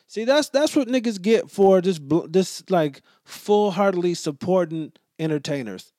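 A man's voice: fairly high pitch, normal speed, hardly any pauses, no echo, clean studio sound. A young adult man hosting a podcast, talking casually and joking with a lot of profanity. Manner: profane, joking, animated storytelling. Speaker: podcast host. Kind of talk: casual solo podcast monologue.

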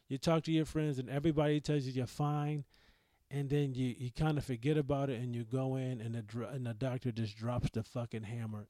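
Male podcast host, mellow tone, dry close sound, rambling and profane. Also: mid-range voice, steady tone, normal speed, dry recording. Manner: rambling, profane, full of restarts. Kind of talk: casual storytelling monologue.

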